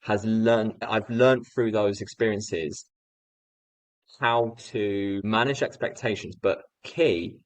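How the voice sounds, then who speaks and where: A man in his thirties from the UK, a guest telling a teaching story in animated anecdotal style. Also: lowish voice, takes it slowly, dry recording, rough recording. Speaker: guest speaker. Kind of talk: storytelling in a podcast interview.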